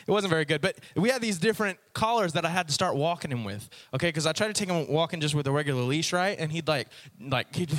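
Animated young man preaching to youth. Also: fairly high pitch. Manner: animated storyteller, acts out voices, laughs often. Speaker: youth pastor. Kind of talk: casual youth sermon.

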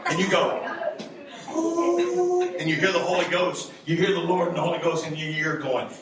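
A man preaching a lively youth sermon as pastor, animated and acting out voices as he jokes with the kids. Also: a little high, quick pace, a faint crowd. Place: church youth service hall. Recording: echoey hall, mic from far off, background noise.

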